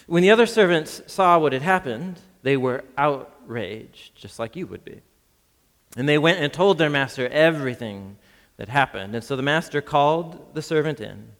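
A man preaching a sermon as a pastor, lively and chuckling, acting out the voices in the scripture reading. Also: on the high side, normal speed, long reverb tail. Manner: lively, reads scripture with acted voices, laughs often.

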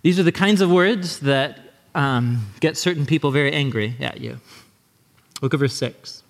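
A man delivers a sermon in a loose, animated, conversational way. His voice sits somewhat high for a man. The sound carries a long reverb, as if from a large hall. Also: normal speed, vocal fry. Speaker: pastor.

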